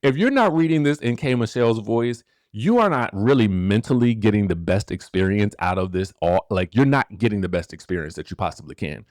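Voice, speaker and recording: Animated man hosting gossip commentary. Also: on the low side, fairly quick, hardly any pauses, dry recording, studio quality. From rural area. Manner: animated, rhetorical, keeps checking in with the audience. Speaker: gossip show host. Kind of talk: casual celebrity gossip commentary.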